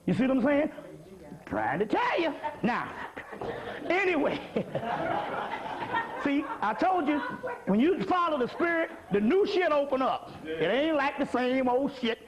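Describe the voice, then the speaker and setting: A man lectures in a profane, joking, streetwise preaching style. His voice sits very high. The recording is dull and lo-fi. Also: sing-song, measured pace, long pauses, a crowd in the background. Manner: profane, streetwise, comic preaching with repeated asides. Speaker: lecturer on spirituality. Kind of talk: lecture to a live audience.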